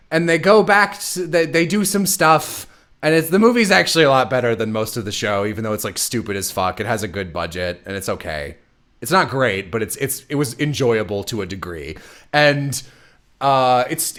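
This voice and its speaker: A stream host with a medium-pitched, fairly bright voice recaps a plot in casual chat. His take is sarcastic and rambling, with some swearing thrown in.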